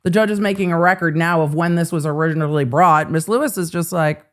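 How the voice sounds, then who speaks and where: A woman hosts a live legal commentary stream, chatting casually and profanely with her chat and riffing on courtroom moments. Her voice is low and her pace quick.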